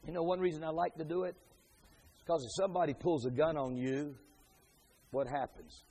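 Man, pastor, preaching a sermon; higher-pitched voice, dynamic delivery from hushed asides to loud peaks. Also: steady tone, a little fast, slightly rough. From Pennsylvania, USA.

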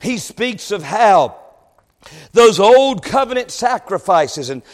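Impassioned male preacher, high voice, shouts his points, lapel mic in a reverberant church. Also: sing-song, slow pace. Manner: impassioned, swells into shouted exclamations. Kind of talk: sermon. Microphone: lavalier.

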